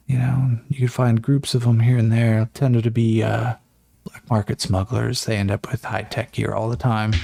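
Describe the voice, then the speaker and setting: Man doing a gruff, blunt wilderness guide. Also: medium pitch, mellow, no room sound. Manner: blunt, profane, matter-of-fact. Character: gruff seasoned male guide, blunt and calm.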